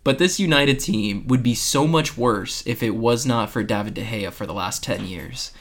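A man's voice: medium pitch, moderate pace. A man co-hosting a casual sports podcast, talking in an earnest way full of ums and restarts. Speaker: podcast co-host.

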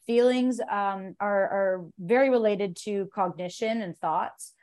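A woman's voice: mid-range voice, measured pace, darkish tone. A woman from the United States, a jiu-jitsu athlete on a podcast, talking earnestly in long, run-on thoughts. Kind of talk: casual conversation.

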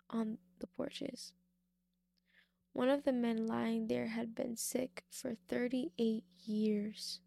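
A woman's voice: fairly high pitch, vocal fry, warm tone, no echo. A young woman giving a devotional talk, reading a Bible story and then reflecting on it in an informal way, repeating key points for emphasis. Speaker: faith speaker.

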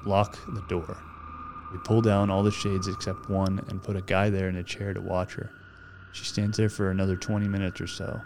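A man's voice: deep voice, darkish tone, a little hiss or hum. A man hosting a podcast, reading a horror story aloud in a casual way and swearing freely as he goes. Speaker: podcast host.

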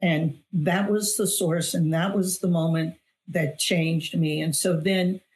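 Lowish and darkish in tone, her voice stays steady and slow. A middle-aged guest on an interview show, this author and weight loss coach relates a personal testimony with earnest emphasis, frequently repeating phrases for weight.

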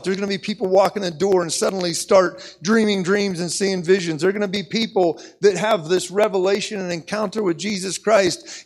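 A man's voice: high voice, low-quality recording. An American man preaching an impassioned sermon, repeating phrases and leading the congregation in call-and-response.

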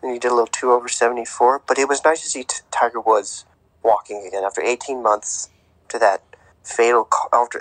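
A man's voice: fairly low pitch, a bit bright, breathy edge, no echo, poor audio. Rambling male podcast co-host. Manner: rambling, with many fillers and restarts. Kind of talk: casual sports chat.

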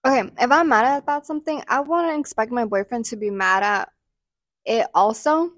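A young adult woman co-hosting a podcast in casual chat, animated and quick to act out what other people say. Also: on the high side, dry recording, studio quality. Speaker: podcast co-host.

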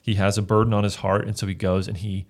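A man's voice: lowish voice, flat delivery, quick pace, darkish tone. A man, a pastor, talking through a book of the Bible in a casual discussion, earnest and often restarting his phrases as he reads verses aloud.

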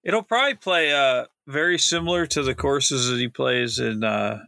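Gravelly, bright-toned man co-hosting a podcast. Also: mid-range voice, no room sound, clean studio sound. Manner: matter-of-fact, corrects his partner, halting with fillers. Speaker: podcast co-host. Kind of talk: casual sports betting chat.

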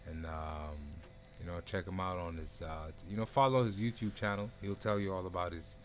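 A man's voice: low-pitched, fairly even intonation, normal speed, faint music behind. A man hosting a live stream, laid-back and loose-tongued, swearing freely and dropping Arabic phrases. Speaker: host. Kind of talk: casual live stream chat.

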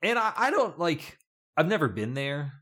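Lively, jokey male podcast co-host. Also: on the high side, normal speed. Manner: animated, jokey, laughs often. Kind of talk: casual podcast chat.

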